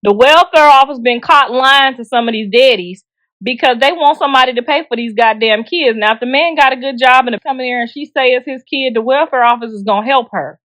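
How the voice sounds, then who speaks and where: A woman's voice: high-pitched, fairly quick, a bit bright, dry recording. A middle-aged woman hosting a show and giving casual gossip commentary, blunt and joking, laughing often and talking straight to viewers in slang. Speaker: show host discussing celebrity gossip.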